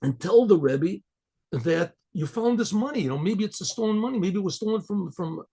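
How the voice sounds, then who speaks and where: A man's voice: high voice, lively intonation, fairly quick, vocal fry, warm tone, slightly rough, exaggerated voice. A man voicing a cautious wife in a folk story, urging her husband on in his own voice. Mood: urgent.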